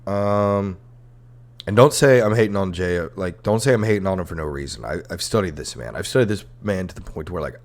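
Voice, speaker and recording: A man's voice: sits low, lively intonation, fairly quick. A young adult man hosting a comedy history podcast, ranting irreverently with sarcasm, swearing, and rambling fillers. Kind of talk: casual comedic rant. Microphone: headphones and podcast mic.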